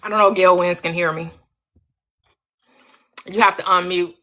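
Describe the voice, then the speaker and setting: A woman hosting a live-stream panel, talking bluntly and briskly in a streetwise way. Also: lowish voice, fairly even intonation, bright, forceful tone. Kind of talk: casual live-stream talk.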